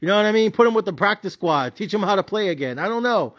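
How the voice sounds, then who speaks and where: Profane, high-voiced man ranting about bets. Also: fast, highs cut off. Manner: blunt, profane, slangy and animated. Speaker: sports betting commentator. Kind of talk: profane sports betting rant.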